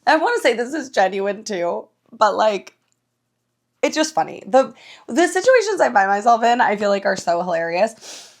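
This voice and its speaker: A young woman talks on her own podcast in a loose, animated storytelling voice. She sits a little high in pitch, swears freely and laughs often between her sentences. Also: moderate pace. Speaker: podcast host. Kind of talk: casual solo podcast chat.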